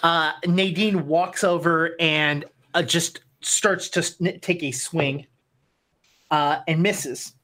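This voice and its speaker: A woman narrating a tabletop role-playing game as game master, in a relaxed, meandering way with frequent fillers. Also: low-pitched, takes it slowly.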